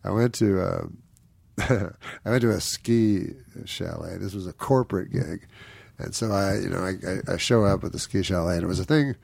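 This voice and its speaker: A man's voice: low voice, moderate pace, gravelly, a little mellow, slightly rough, no echo. A man, a guest comedian, telling a rambling anecdote, chuckling often and mimicking the people in it. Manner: meandering storyteller, chuckles often, mimics people in his stories.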